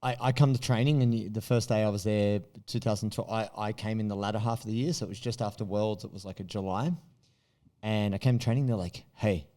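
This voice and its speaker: A man's voice: lowish voice, fairly even intonation, fast talker, mellow. An Australian man in casual chat, joking and bantering with some swearing. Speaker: podcast host.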